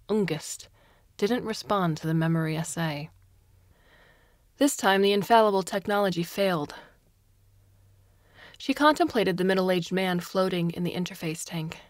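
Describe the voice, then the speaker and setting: Lady reading a story out loud, low voice, calm and even, dry recording. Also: no room sound. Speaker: story reader. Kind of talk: scripted narration.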